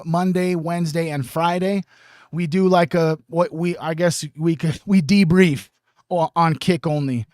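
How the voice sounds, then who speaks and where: Guy streaming from home, kinda high voice, rambles and swears a lot, clears his throat, dry mic. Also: a little mellow, dry recording. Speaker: livestream host. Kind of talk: casual livestream chat.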